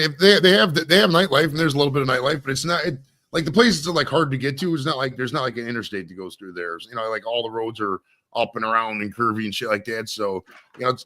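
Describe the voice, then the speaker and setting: Man, forties, podcast host, rambling, cursing, laughing, quick, bright tone. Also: mid-range voice. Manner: rambling, swears freely, laughs often. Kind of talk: casual interview chat.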